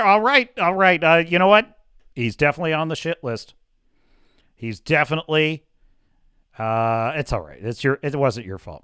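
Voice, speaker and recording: Heated ranting man, bright tone. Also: mid-range voice, animated, normal speed, clear, resonant tone, no echo, clean studio sound. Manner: blunt, heated, sarcastic. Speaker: livestream host. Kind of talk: ranting live stream commentary.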